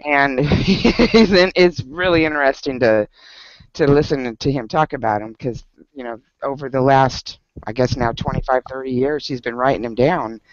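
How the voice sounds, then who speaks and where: Telling a story to fellow book club members in casual conversation, this man has a medium-pitched voice and a normal speaking speed. He keeps things animated, laughs often, and uses many fillers. The audio has no room sound but comes across dull and lo-fi.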